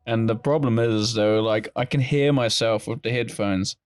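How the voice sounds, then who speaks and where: A man's voice: fairly low pitch, steady tone, normal speed, smooth, no room sound, clean studio sound. A man co-hosting a casual podcast, rambling in silly bursts and restarting his sentences. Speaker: podcast co-host.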